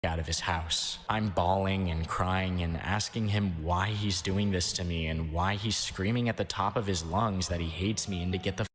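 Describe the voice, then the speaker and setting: A man narrating a first-person account in a steady, somber scripted read. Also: low-pitched, normal speed, few pauses. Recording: long reverb, faint background noise.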